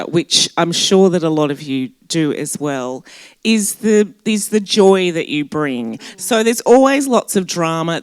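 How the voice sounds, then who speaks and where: Lively woman interviewing an author. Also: fairly low pitch, dry recording. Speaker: event host interviewer.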